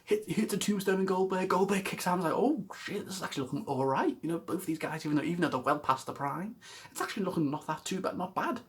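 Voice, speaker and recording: A man's voice: high-pitched, fast talker. A man rambling through a casual wrestling reaction vlog, exasperated, swearing and laughing often. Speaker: wrestling vlogger.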